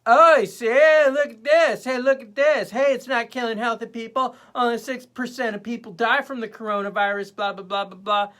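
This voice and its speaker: A man's voice: extremely high pitch, steady tone, normal speed, few pauses, fairly bright tone, voice pushed up. A man putting on the voice of a smug male internet commenter, mocking and exaggerated.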